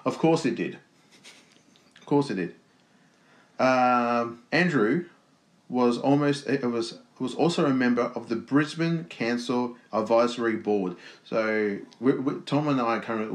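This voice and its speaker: Casual male co-host, jokey, trips over words while reading out a story; echoey room. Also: mid-range voice. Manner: joking, halting reading with restarts and asides. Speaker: podcast co-host. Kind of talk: casual chat, reading news aloud.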